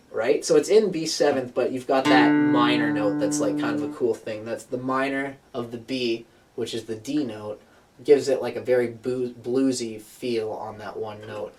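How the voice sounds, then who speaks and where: A man teaching a guitar song in a relaxed, rambling way, with plenty of fillers. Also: mid-range voice, normal speed. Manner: laid-back, rambling, many fillers. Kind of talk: casual guitar tutorial. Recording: distant mic with loud guitar.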